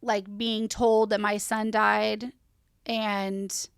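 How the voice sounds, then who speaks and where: A woman in her thirties speaks plainly at a middle pitch, with heavy sighs as she gives a grieving account. The recording is close and dry, with no room sound around her voice. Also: little pitch movement, drawn-out words, vocal fry, clear, resonant tone, no room sound. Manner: plain-spoken, breaks into tearful sighs. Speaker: podcast guest.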